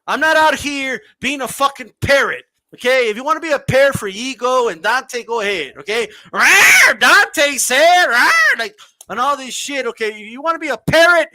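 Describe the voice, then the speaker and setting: High-voiced guy ranting and cussing on a podcast, sharp and punchy, dry close sound. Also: animated, a little fast, few pauses, dry recording, low-quality recording. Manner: profane, loud, mocking, often shouting. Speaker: boxing podcast host. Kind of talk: heated uncensored podcast rant.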